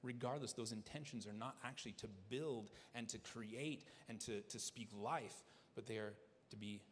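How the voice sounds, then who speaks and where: A man's voice: mid-range voice, moderate pace, a little hiss or hum. A man preaching a sermon as pastor, earnest, often restarting his phrases. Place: church sanctuary. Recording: long church hall reverb.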